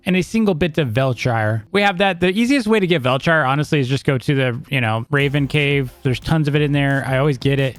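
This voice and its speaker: A man hosting a gaming video, giving casual walkthrough commentary in a chatty manner full of "like" and "dude". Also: on the high side. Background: faint background music.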